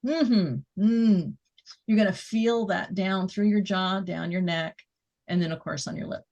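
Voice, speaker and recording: Lady walking you thru a muscle relaxation, talks real slow and gentle, medium pitch. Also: vocal fry, dull audio. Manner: slow, soothing instructions with soft laughs. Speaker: relaxation guide. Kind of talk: guided muscle relaxation exercise.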